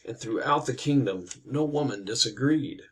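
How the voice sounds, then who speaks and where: A man's voice: mid-range voice, animated, normal speed, lightly acted. Young knight, voiced by a storyteller man, formal and earnest, honorable but hard-pressed. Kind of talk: casual storytelling.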